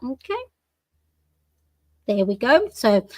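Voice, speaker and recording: A planner coach and channel host in her forties leads a motivational live plan-with-me talk, encouraging viewers, repeating affirmations and saying "you know" a lot. Her voice is medium-pitched and measured in pace, with no echo.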